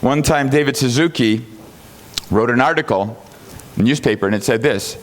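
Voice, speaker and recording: Animated man teaching a congregation. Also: medium pitch, normal speed, slight background noise. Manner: animated, rhetorical questions, chuckles at own jokes; acts out quoted people in raised voices. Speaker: Bible teacher.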